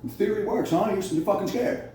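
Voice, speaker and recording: A man with a high, mellow voice, talking a bit fast, goes on a heated, profanity-laced tirade of accusations straight to camera. The clip comes from a phone in a very reverberant room; he's far from the mic and faint noise is present.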